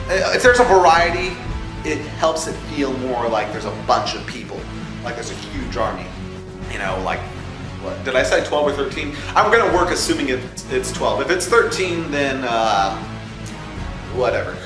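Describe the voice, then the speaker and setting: A young man hosting a casual vlog that calls for voice actors for his fan film, animated and jokey, dropping into put-on voices. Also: fairly high pitch. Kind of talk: casual casting-call vlog. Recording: echoey room with music behind.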